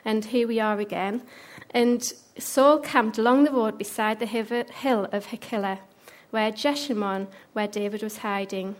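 Expressive woman telling a Bible story. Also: mid-range voice, measured pace, hardly any pauses. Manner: expressive, drops to whispers for suspense. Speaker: Bible teacher.

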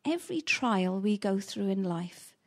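A woman's voice: medium pitch, expressive, unhurried. A woman preaching a sermon, retelling a Bible story in a storytelling way and acting out the quoted lines with rising intensity.

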